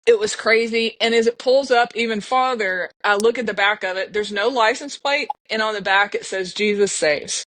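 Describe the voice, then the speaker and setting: A woman's voice: on the high side, moderate pace, hardly any pauses, fairly bright tone, no room sound. Earnest middle-aged woman. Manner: earnest, emotional, with restarts and laughs. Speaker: podcast guest. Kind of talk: casual storytelling.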